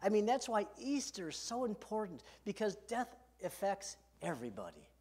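A man's voice: high voice, big pitch swings, normal speed, a little mellow, breathy edge. A man preaching a sermon as pastor from a podium, earnest and emphatic, asking his listeners direct questions. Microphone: podium microphone.

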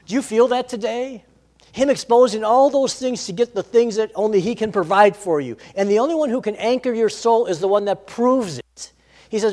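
A man with a high-pitched voice delivers a sermon. He builds to loud, urgent passages, then sinks into soft, prayerful tones. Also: normal speed. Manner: swings between loud urgent preaching and hushed prayerful tones. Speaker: pastor.

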